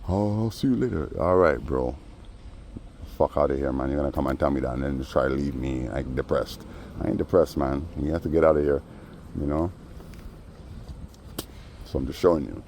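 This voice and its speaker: A man with a low, dark voice tells a long story straight to his audience. His delivery is casual and rambling, peppered with slang and "you know." His tone stays mellow and unhurried. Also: fairly even intonation, a little hiss or hum. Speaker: vlogger.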